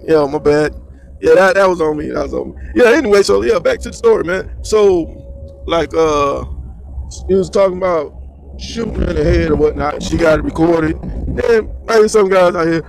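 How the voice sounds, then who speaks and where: Brief: male solo news commentator, casual and slangy, raspy texture. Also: on the high side, normal speed, slight background noise. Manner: slangy, rambling, animated.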